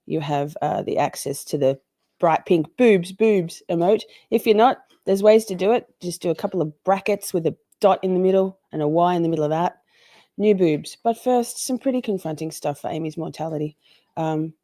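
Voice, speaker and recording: A woman's voice: lowish voice, warm tone, no room sound. A woman hosting a casual livestream, chatting and greeting viewers by name in a chatty way. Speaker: livestream host.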